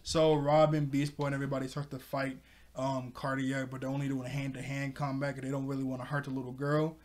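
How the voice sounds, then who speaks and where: A man's voice: mid-range voice, flat delivery, fast, darkish tone. A young man casually recapping a cartoon episode, rambling with lots of fillers and frequent laughs. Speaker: show reviewer.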